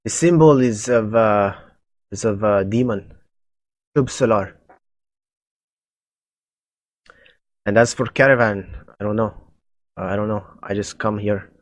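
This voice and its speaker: Casting: a man playing a panicky captive cultist, halting, slight foreign lilt. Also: lowish voice, dry recording, close to an everyday voice. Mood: frightened. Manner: stammering, pleading broken English. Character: nervous captured male cultist with a slight Russian accent.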